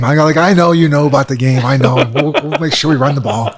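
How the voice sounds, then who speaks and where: A man in his sixties, a guest at a bar, chatting casually and telling animated stories. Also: a little high, fast talker, few pauses. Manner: animated storyteller, acts out quotes. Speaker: guest, former head coach.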